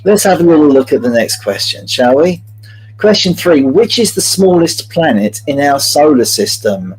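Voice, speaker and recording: A man's voice: fairly high pitch, animated, moderate pace, husky, poor audio. A man hosting a live-streamed multiple-choice quiz, chatty and jokey, greeting viewers by name as he reads out the questions. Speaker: quiz host.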